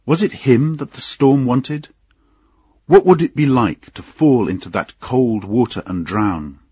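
Male audiobook narrator, husky and dry, slow measured delivery. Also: mid-range voice, no echo. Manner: unhurried, expressive storytelling.

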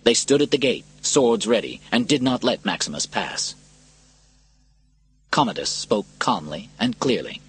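Husky-voiced man reading a storybook. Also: fairly low pitch, unhurried, faint music behind. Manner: dramatic, lively reading. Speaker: narrator. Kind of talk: scripted storybook narration.

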